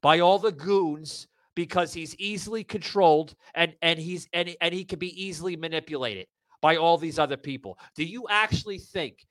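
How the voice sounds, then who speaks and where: Guy hosting a political show, kinda high voice, swearing and stuttering, totally dry sound. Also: sharp tone, no room sound. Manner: swears a lot, stammering restarts, gets fired up. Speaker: podcast host. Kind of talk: heated political talk-show rant. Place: live audio room broadcast.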